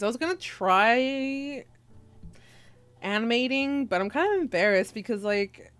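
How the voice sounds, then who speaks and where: Young woman streaming and joking around with chat, playful and teasing, laughs a lot. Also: mid-range voice. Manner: playful, teasing, giggly, reads chat aloud. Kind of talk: casual livestream chat.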